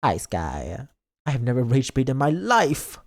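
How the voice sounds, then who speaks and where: A man's voice: medium pitch, wildly swooping pitch, unhurried. A young man streaming as a vtuber, chatting casually with viewers, playful, with dramatic mock outrage and frequent stumbles over words. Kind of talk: casual livestream chat reading comments.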